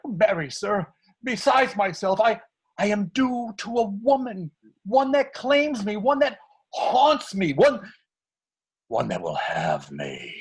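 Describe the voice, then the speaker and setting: A man's voice: on the high side, measured pace, creaky, slightly rough, full character voice. An actor reading a frantic comic male servant in a live online Shakespeare scene, talking over a video call. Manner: excitable, wildly swooping delivery.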